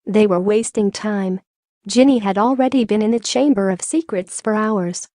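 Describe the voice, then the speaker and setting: A woman reading an audiobook in measured, even storytelling narration. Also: medium pitch, dry recording, clean studio sound. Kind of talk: scripted narration.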